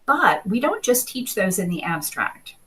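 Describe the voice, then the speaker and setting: A woman presenting a webinar as a literacy researcher, explaining ideas in a clear, steady teaching manner. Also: medium pitch, measured pace, rough recording.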